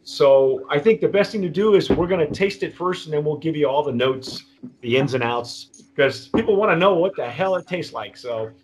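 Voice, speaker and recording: A man's voice: a little high, expressive, moderate pace, slight background noise. Texas guy hosting a tasting chat over video call, lots of uh and restarts. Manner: rambling, many restarts and fillers. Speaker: host.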